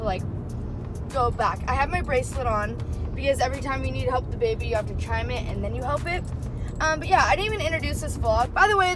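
A teenage girl vlogging from her car into a phone camera. She rambles in a casual, chatty way with lots of "like.". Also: high voice. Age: teens. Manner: chatty, rambling, full of filler "like". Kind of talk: casual vlog chat. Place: inside a car.

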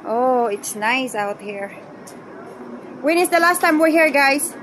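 A woman's voice: sits high, expressive, takes it slowly, fairly bright tone, a little hiss or hum, rough recording. A woman chatting casually to her viewers on a phone while out on a bike ride and at a park. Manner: chatty, mixes English with Tagalog. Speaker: vlogger. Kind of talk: casual vlog narration while biking.

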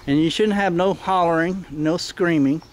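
A middle-aged dog owner films his own pack in the backyard on a handheld camera mic, giving a casual, plain-spoken instructional narration. His firm voice is fairly high and moderately paced, turning sharp when he suddenly shouts commands at the dogs.

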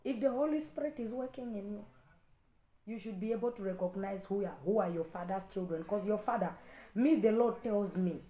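A woman's voice: medium pitch, brisk, reverberant. A woman preacher delivering an impassioned sermon, repeating her points and rising into stern warnings. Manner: exhorting, repetitive, rising to stern loud warnings.

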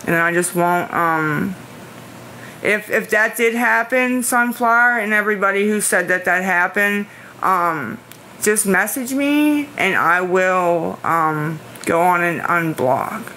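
Woman streamer, defensive and anxious, pleads with chat, bright tense voice. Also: fairly low pitch, slow, slight background noise. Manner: anxious, pleading and defensive, rambling with repeated phrases. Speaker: livestreamer asking viewers for money. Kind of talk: casual live-stream chat, answering viewer comments.

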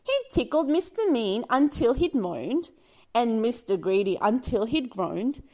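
A woman narrating a children's picture book aloud in an expressive, sing-song storytelling manner. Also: a little high, a little slow. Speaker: storybook reader.

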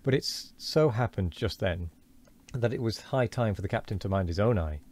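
A man's voice: fairly low pitch, animated, moderate pace, darkish tone. A man reading a classic novel aloud for a stream, earnest, often stumbling and correcting himself.

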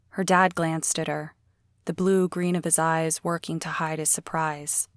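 Female audiobook narrator, low steady read, dry studio sound. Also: unhurried, no room sound.

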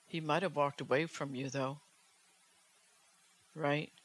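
A woman's voice: sits low, steady tone, slow pace. A woman evangelist preaching a fervent sermon, urgent in tone and pressing the listeners with rhetorical questions.

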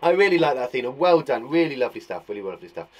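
A young English man teaching young children, bubbly and animated as he reads out their work. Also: medium pitch, very fast. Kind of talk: lively children's lesson.

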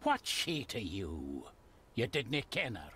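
A man with a Scottish accent playing a gruff, secretive gardener who clings to the old ways, speaking slowly and guardedly. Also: on the low side, wildly swooping pitch, bright, forceful tone, a little hiss or hum, exaggerated voice. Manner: slow, guarded, dialect-heavy. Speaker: game character.

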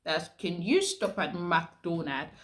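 A woman's voice: fairly low pitch, animated, slow. A woman with a Nigerian accent chatting to camera as a vlogger, full of rhetorical questions. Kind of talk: casual chat to camera.

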